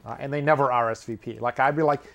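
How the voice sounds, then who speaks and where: A man's voice: mid-range voice, fairly even intonation, fast, vocal fry, a bit bright. A man hosting his own comedy show, delivering a rambling monologue with offhand, sardonic asides and chuckling at his own jokes. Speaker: host.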